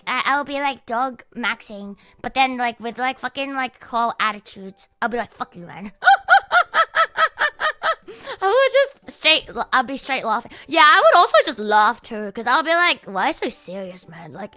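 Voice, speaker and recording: A woman's voice: on the high side, pushed and bright, dry recording. A young woman chatting casually on her livestream, rambling, swearing, with many fillers. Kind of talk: casual stream chat.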